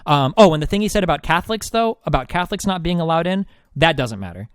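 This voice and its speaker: A man's voice: on the high side, lively intonation, fast, smooth, dry recording, clean studio sound. A male streamer recapping a debate in casual, rambling talk, sarcastic and full of restarts.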